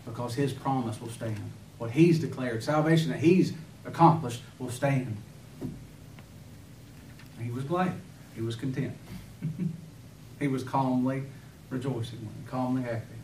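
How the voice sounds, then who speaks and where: A man's voice: medium pitch, unhurried, long pauses, darkish tone, a little hiss or hum. Guy preaching hard, lots of questions at the crowd, echoey hall, kinda far from the mic. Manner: fervent preaching, rhetorical questions, sudden emphatic bursts. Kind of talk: sermon.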